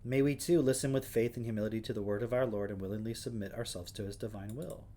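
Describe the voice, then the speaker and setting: A man with a lowish, mellow voice and a quick pace hosts a livestream. He reads passages aloud and pauses between them to toss out wry, sarcastic questions in a laid-back chat style.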